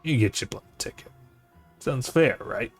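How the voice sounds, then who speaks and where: A man voicing a gruff older male mob boss with a put-on old-time gangster accent, reading game dialogue aloud. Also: mid-range voice, animated, unhurried, faint music behind. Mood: commanding.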